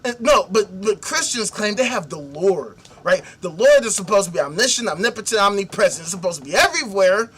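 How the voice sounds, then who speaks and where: A man with a high, bright voice hosts a talk show. He is animated and sarcastic, swearing constantly as he rants about an article he reads aloud. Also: fairly quick, hardly any pauses, husky. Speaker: podcast host. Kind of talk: profane commentary reading a news article.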